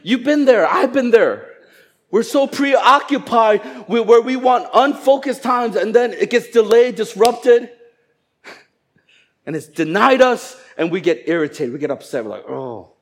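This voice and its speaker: A man preaching a sermon, animated and humorous, acting out quoted voices of people for laughs. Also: extremely high pitch, a little slow. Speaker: pastor.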